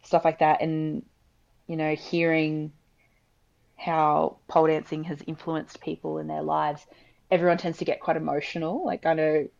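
Low gravelly woman chatting. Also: flat delivery, normal speed, a little mellow, highs cut off. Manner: chatty, frequent likes and ums. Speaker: emergency department nurse. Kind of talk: casual podcast chat.

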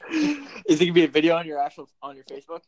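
A man's voice: on the high side, big pitch swings, very fast, a little mellow. A man hosting a casual podcast, loose and profane, laughing often between remarks. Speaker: podcast host.

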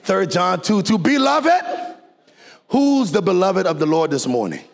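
A man preaching a sermon to a congregation, leading call and response and swinging from low talk to shouted, sung peaks. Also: animated, a little slow, creaky. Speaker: pastor. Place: church before a congregation.

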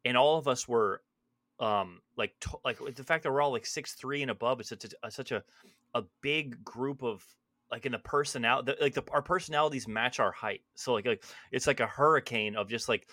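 A man's voice: medium pitch, fairly quick, sharp tone, no echo. A young man co-hosting a casual podcast, telling easygoing stories with lots of fillers and laughs. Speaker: podcast co-host. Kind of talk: casual chat.

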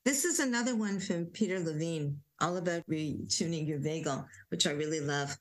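Soothing woman guiding slow breathing. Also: low voice, rough recording. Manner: slow, soothing instructions with gentle repetition. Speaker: parenting coach leading calming exercises. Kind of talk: guided relaxation talk. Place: at home.

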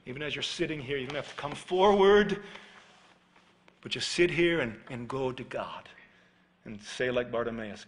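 A man preaching a sermon, telling a story with acted dialogue and then dropping to a hushed, earnest plea and prayer. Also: medium pitch, moderate pace, a little hiss or hum. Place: church.

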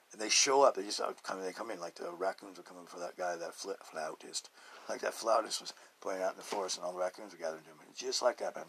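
Deep gravelly man rambling on faith. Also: slight background noise, low-quality recording. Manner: rambling, swings from hushed murmurs to loud bursts; chuckles often between thoughts. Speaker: podcast host. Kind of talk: casual spiritual podcast monologue.

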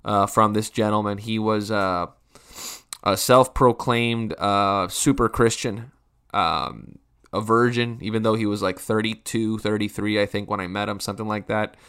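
A man of about thirty with a lowish, steady, fairly bright and smooth voice, talking at a moderate pace. He rants casually for laughs, rambling and swearing, often restarting sentences and mocking himself.

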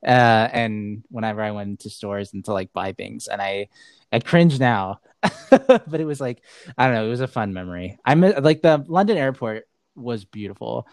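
A man's voice: mid-range voice, lively intonation, normal speed, no room sound. A man hosting a podcast, talking casually with lots of fillers and easy laughter. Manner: chatty, filler-heavy, laughs easily. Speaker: podcast host.

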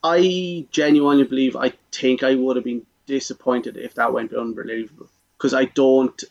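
A man co-hosting a podcast among friends. He explains his view in a loose, rambling way. His voice is mid-pitched. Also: fairly even intonation, normal speed, creaky, muffled recording. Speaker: podcast co-host. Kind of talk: casual chat.

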